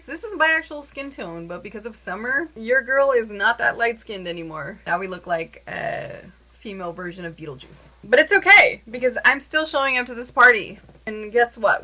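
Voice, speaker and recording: A young woman telling a story to her camera in a casual, animated way, with many "like" fillers. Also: on the high side, low-quality recording. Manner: chatty, animated, lots of "like" fillers.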